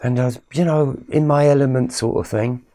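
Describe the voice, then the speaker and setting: A middle-aged man recounting a personal story with animated storytelling, growing quiet and low at emotional moments. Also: a little fast. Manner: animated storytelling with quoted exchanges. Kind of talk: personal story told to camera.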